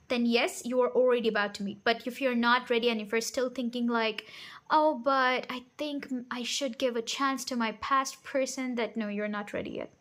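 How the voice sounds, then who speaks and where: A woman's voice: fairly high pitch, a bit bright. A woman giving a pick-a-card tarot reading, direct and reassuring, often checking in with "okay?" and laughing at her own bluntness. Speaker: tarot reader.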